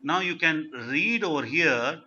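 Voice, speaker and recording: A man's voice: fairly high pitch, animated, measured pace, bright, forceful tone, breathy edge. A man teaching French in a live video call class, repeating words as he drills pronunciation. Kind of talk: live online language class. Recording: muffled video-call audio.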